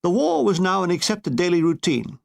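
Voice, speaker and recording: An older man reading his own comic memoir with wry, deadpan asides. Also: high-pitched, normal speed, vocal fry. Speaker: author narrating his memoir.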